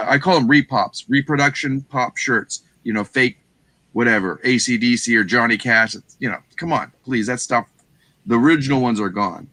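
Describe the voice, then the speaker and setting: A middle-aged man with a Texan accent, casually telling a reselling story on a show, animated and acting out the people he quotes. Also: medium pitch, no echo. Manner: animated, acts out quoted voices, swears casually. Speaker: guest reseller.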